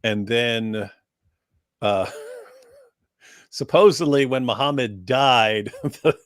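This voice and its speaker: A man's voice: medium pitch, extremely slow, no echo, studio quality. A man co-hosting a casual livestream, talking in rambling stretches and often breaking into laughter. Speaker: livestream co-host. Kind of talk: casual live chat.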